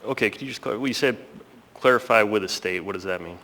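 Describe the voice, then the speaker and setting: A man's voice: on the low side, fast talker, bright, forceful tone. Hesitant man in a reverberant chamber. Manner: hesitant, repeating words. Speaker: assembly member. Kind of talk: formal public meeting questions. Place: assembly chamber.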